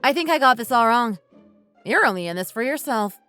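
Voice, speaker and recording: A woman's voice: fairly high pitch, animated, a little fast, sharp tone, clean tone, soft background music. A woman voicing a resentful wife fed up with her husband, speaking in a bitter, accusing way. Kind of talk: scripted dialogue drama.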